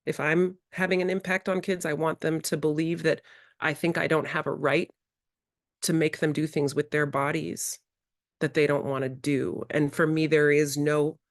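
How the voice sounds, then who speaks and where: A woman presenting a childcare workshop, who acts out playful exchanges with children in bright, high voices. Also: dry recording, clean studio sound. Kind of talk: early childhood workshop talk. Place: indoor workshop room.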